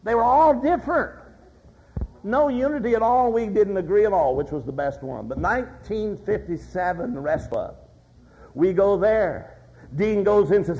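An older man preaches in a folksy, story-telling way, his voice pitched high with a gravelly edge. The recording is dull and lo-fi. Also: normal speed, a little mellow. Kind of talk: sermon.

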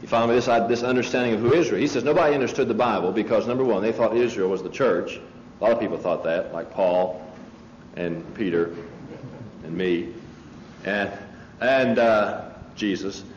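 A man's voice: on the low side, moderate pace, reverberant. A man lecturing in a conversational sermon style, telling anecdotes emphatically with many restarts and asides to his listeners. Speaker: preacher lecturing on a religious movement. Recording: dull lo-fi tape with faint hiss.

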